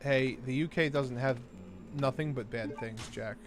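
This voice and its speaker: A man's voice: mid-range voice, unhurried, a little hiss or hum. A young man co-hosting a gaming livestream, chatting casually and reading out viewer messages. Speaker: livestream co-host.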